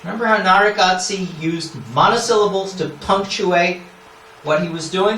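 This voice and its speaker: Recorded from a distance in an echoey lecture hall with background noise, a man with a high-sitting voice lectures academically at normal speed, adding asides and often asking listeners "yeah?"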